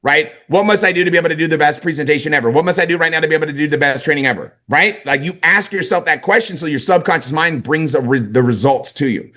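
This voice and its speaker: A middle-aged man from California giving an energetic motivational sales talk, hammering catchphrases and checking in with "right?" and "okay?". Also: a little high, fast talker, few pauses. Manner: emphatic, repeats catchphrases, asks "right?" and "okay?".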